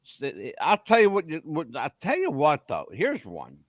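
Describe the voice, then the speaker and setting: A man co-hosts a casual podcast, his slightly high voice swinging widely in pitch as he jokes. He talks emphatically and keeps swearing he isn't making things up. The sound is close and dry. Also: huge pitch swings, normal speed, no room sound. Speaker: podcast co-host. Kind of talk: casual chat.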